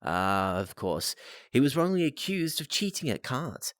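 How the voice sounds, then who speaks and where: A man's voice: medium pitch, sing-song, a little slow, fairly bright tone, no echo, clean studio sound, pitched above the performer's own voice. A man reading aloud plays an aloof, precise detective who speaks in a clipped, self-assured way. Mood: cool.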